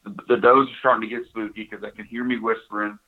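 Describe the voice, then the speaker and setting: A man's voice: lowish voice, little pitch movement, fast. A man, casually telling a hunting story, full of restarts and "you know"s. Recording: tinny phone-like line.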